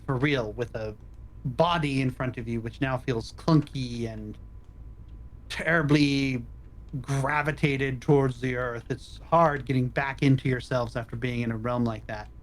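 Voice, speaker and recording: A man narrating a tabletop role-playing game as dungeon master, calmly describing the scene over an online voice call. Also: medium pitch, unhurried.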